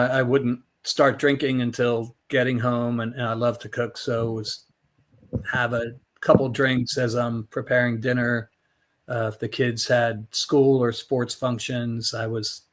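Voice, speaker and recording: A man's voice: mid-range voice, fairly bright tone. A middle-aged man, a former Navy officer, telling his story as a podcast guest in a blunt, profane way, acting out both sides of remembered conversations. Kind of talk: candid storytelling interview.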